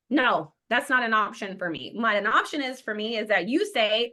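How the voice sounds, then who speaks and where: A woman's voice: high voice, very animated, normal speed, bright, forceful tone. A woman in her thirties, an exam prep instructor giving an emphatic motivational class talk and acting out quoted self-talk.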